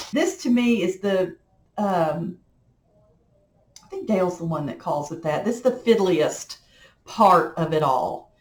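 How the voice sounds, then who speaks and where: A woman's voice: on the low side, expressive, unhurried, long pauses, a little hiss or hum. A middle-aged woman, chatting in a folksy, rambling way while she works on a craft project at home. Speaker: crafting vlogger. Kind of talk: casual chat while crafting. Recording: echoey room.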